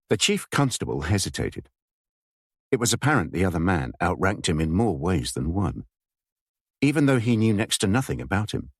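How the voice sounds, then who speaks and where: Deep-voiced male audiobook narrator. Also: very animated, moderate pace, husky, no echo, clean studio sound. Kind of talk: scripted narration.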